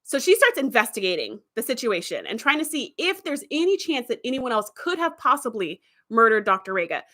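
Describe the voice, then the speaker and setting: A woman hosting a show, casually retelling an episode in a chatty, animated way with plenty of fillers. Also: fairly high pitch, brisk. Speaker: host.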